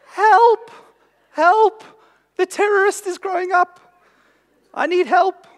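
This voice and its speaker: A man putting on the squeaky, frantic inner voice of a panicked new father. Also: slow pace, in a large hall.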